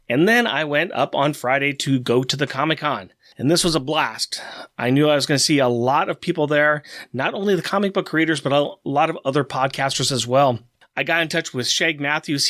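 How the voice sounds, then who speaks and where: A man co-hosting a comic book podcast, telling a long story in an excited, animated way. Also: fairly high pitch, no echo, clean studio sound. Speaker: podcast co-host. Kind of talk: casual chat.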